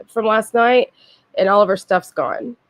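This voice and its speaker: A woman with a cold, sniffling, hosts a livestream and chats with viewers in an unhurried, medium-pitched voice. She's casual, blunt, and profane, full of frequent asides.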